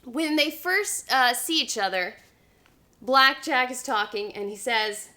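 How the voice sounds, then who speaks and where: A woman's voice: high voice, animated, takes it slowly, sharp tone. A woman hosting a vlog, chatting casually as she compares a book with its show and retells the plot with easygoing hedges. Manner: retells plot conversationally with hedging fillers.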